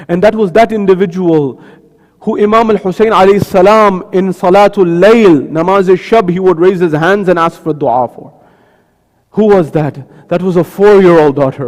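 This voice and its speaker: Man, high-pitched preacher, sermon in a mosque hall, shifts between low slow asides and rising lament, long reverb. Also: darkish tone. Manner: slows and drops low for quoted lines, rises to a high lament at the climax. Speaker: speaker at a mosque majlis. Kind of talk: sermon with mournful recitation.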